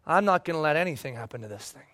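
A male preacher voicing a calm, resolute divine figure who speaks low and hushed. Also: racing.

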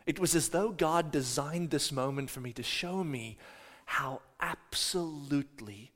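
A man in his thirties telling a personal story to an audience, animated, moving from shouting to a near whisper. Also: a little high, moderate pace, long reverb tail. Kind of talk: dramatic storytelling talk.

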